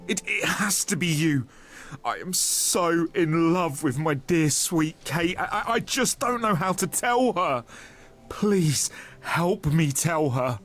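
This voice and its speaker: A bashful, lovestruck young man in a video game, speaking. He stammers and trips over his words, his voice swinging up and down in pitch, lifting high whenever he gets flustered. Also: a bit bright. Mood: pleading.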